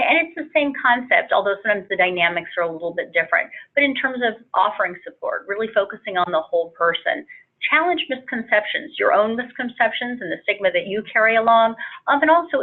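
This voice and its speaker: A woman hosting a webinar who pauses often and fills the gaps with ums. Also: mid-range voice. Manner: hesitant, lots of ums. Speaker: webinar host. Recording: phone-quality audio.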